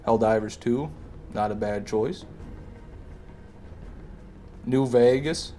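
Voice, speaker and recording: A man's voice: mid-range voice, slow pace, dark tone, slight background noise. A man streaming a game live, chatting casually with viewers and answering their comments, sometimes with sarcastic jabs.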